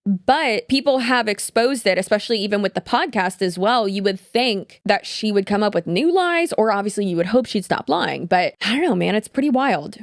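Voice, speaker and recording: A woman's voice: mid-range voice, expressive, moderate pace, hardly any pauses, no echo, clean studio sound. A woman hosting a casual commentary, talking bluntly and conversationally with lots of "like.". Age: adult. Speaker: commentary host.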